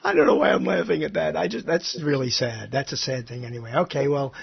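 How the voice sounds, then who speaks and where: A man's voice: fairly high pitch, expressive, a little fast, creaky, a loud crowd. A man co-hosting a casual chat, joking and laughing often as he reads through a list. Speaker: co-host. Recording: dull lo-fi sound.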